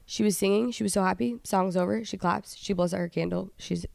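A young woman co-hosting a podcast, chatting casually and telling stories in a fast, animated way. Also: medium pitch, creaky, no room sound, clean studio sound. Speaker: podcast co-host. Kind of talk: casual chat.

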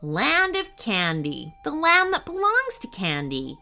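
An eager young boy who keeps asking questions, from a children's storybook, played by a woman. His voice is high and bright, with lively jumps in pitch. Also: slow, heavily acted.

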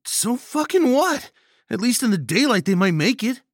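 A man's voice: very high voice, very animated, moderate pace, no echo, clean studio sound, pitched above the performer's own voice, heavily acted. A man voicing Lewis, a sneering, sarcastic injured young man in a horror audio story.

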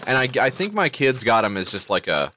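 Lively rambling middle-aged man. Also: mid-range voice, a little fast, slight background noise. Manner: rambling, animated, jokey. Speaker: podcast co-host. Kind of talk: casual chat.

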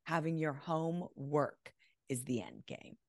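Deep-voiced confident woman guest. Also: very animated, slow pace, gravelly, darkish tone, dry recording, studio quality. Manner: confident and emphatic, acts out clients' voices. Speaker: guest decluttering expert. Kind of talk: casual interview chat.

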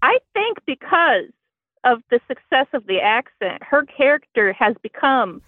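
A woman's voice: sits high, sing-song, a little slow, no echo. A woman calling in to a comedy advice podcast, telling her story in a playful way with laughter. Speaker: caller. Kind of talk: casual chat. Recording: muffled phone line.

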